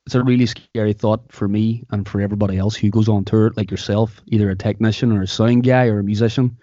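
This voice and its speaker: A man's voice: lowish voice, fairly even intonation, fast talker, mellow, no echo. A man with a Derry accent hosting a podcast, chatting casually in joking, rambling banter. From Derry, Northern Ireland. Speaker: podcast host. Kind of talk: casual chat. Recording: dry, slightly dull sound.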